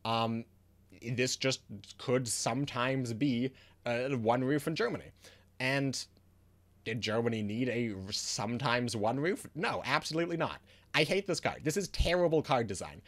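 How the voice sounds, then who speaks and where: A man's voice: mid-range voice, fairly bright tone. A man giving a casual video review of a card game, ranting in frustration with lots of restarts and fillers.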